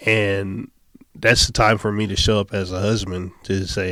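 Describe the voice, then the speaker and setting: Guy in his 30s on a podcast, kinda low voice, dry sound, laughs a lot telling stories. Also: little pitch movement, normal speed, a bit bright, no room sound. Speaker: podcast guest. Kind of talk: casual chat.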